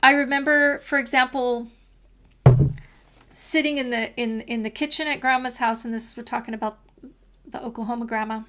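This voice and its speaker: A woman's voice: fairly high pitch, fairly even intonation, normal speed, long pauses, sharp tone. A woman in her sixties from California, co-hosting a podcast and telling family stories in a rambling casual way with many restarts. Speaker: podcast co-host. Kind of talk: casual chat.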